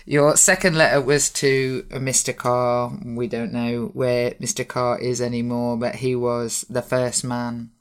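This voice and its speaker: A woman's voice: rumbling low, flat delivery, unhurried, hardly any pauses, smooth. A woman with a Birmingham accent hosting a podcast interview, chatty and often laughing as she talks. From Birmingham, England. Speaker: podcast host. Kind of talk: casual interview chat.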